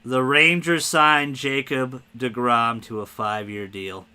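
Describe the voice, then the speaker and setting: A man hosting a casual spoiler podcast, talking excitedly and rambling, cursing freely. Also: medium pitch, takes it slowly, clear, resonant tone. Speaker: podcast host.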